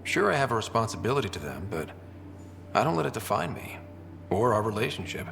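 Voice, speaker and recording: Gravelly, lively male starship captain for a video game, heard with long reverb. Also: fairly low pitch, brisk, faint music behind, exaggerated voice. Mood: easygoing.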